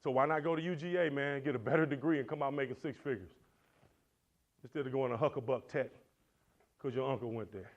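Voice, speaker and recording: A man teaching at a Christian men's conference, animated and preacherly, swinging between loud and soft. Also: mid-range voice, fast talker, long pauses. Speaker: conference speaker. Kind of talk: motivational church teaching. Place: lecture hall. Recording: dull lo-fi recording.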